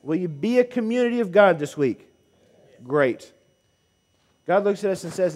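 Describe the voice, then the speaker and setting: A man, a minister preaching a sermon to his congregation in an animated way, with emphatic calls to the people. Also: high-pitched, normal speed, pauses often, slight background noise. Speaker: pulpit minister. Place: church sanctuary. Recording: long church reverb.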